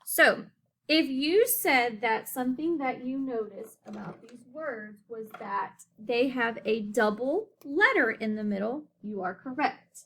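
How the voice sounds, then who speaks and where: A woman teacher leads young children through a phonics lesson. Her voice sits a little high, and she speaks very slowly, drawing words out syllable by syllable. She keeps checking in with a gentle "okay?" between points. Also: expressive. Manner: slow, clear, drawn-out enunciation with frequent "okay?" checks.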